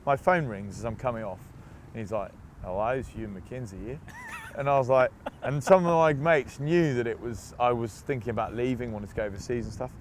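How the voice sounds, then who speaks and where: A man's voice: medium pitch, lively intonation, fairly quick, slight background noise. A man from England, a rugby player, chatting as an interview guest, telling stories with laughs and mimicked voices. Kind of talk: casual interview chat.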